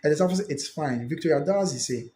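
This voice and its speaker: A man's voice: a little high, quick pace, dark tone, roomy sound, a little hiss or hum. A Ghanaian man hosting a live stream, reading out viewer comments and reacting, switching between English and Twi. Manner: mixes English with Twi, reacts and repeats phrases.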